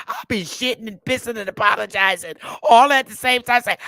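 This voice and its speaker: Female stream host, brash and blunt ranter, bright tense tone. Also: a little high, moderate pace, no echo. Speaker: livestream host. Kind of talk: ranting live-stream commentary.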